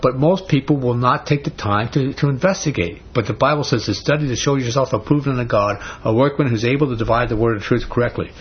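A man's voice: mid-range voice, fast talker, hardly any pauses, husky, muffled recording. A man teaching a Bible study in a conversational, emphatic sermon style with frequent restarts.

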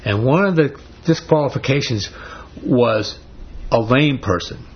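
Husky man preaching a casual Bible study. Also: medium pitch, unhurried, dull audio. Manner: conversational, emphatic, frequent restarts. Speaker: Bible teacher. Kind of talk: informal Bible study sermon.

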